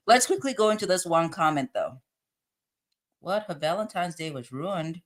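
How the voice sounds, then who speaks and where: A woman's voice: fairly low pitch, big pitch swings, moderate pace. A woman hosting a casual live stream, reading chat comments aloud and laughing often as she chats.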